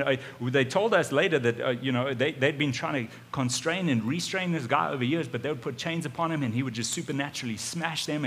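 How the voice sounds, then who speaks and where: A man preaching, retelling a story in the first person in an animated way, with sudden swings in loudness. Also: medium pitch, slight background noise. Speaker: pastor. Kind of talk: storytelling sermon. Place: church auditorium.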